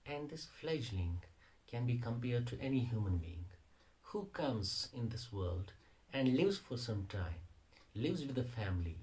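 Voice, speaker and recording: A man's voice: medium pitch, very animated, a little slow, darkish tone, low-quality recording. A man, a teacher explaining a poem in a lesson, restating lines and rephrasing phrases as he goes. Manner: repeats and rephrases phrases while searching for words. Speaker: English teacher.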